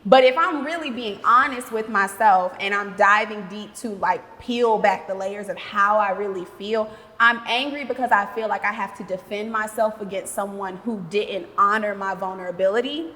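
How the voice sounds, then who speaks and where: A woman hosting a podcast in casual chat, talking in an expressive, emphatic and candid way. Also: medium pitch, moderate pace, hardly any pauses, in a large hall. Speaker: podcast host.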